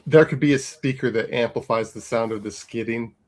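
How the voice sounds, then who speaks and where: A man with a voice of ordinary pitch works through ideas out loud on a podcast. He hesitates and fills gaps with ums as he talks the idea through. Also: fairly quick. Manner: musing, hesitant, many fillers. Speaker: podcast co-host. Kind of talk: casual chat.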